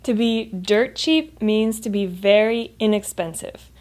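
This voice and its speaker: An American woman teaching English pronunciation in a clear, upbeat manner, modeling sounds slowly for the listener. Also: medium pitch, a little mellow. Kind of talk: scripted English lesson to camera.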